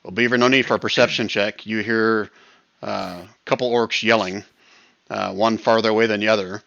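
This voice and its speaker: A man's voice: lowish voice, fairly even intonation, moderate pace, vocal fry, pushed and bright, no room sound, muffled recording. A man running a tabletop game as game master over voice chat, easygoing and laughing often.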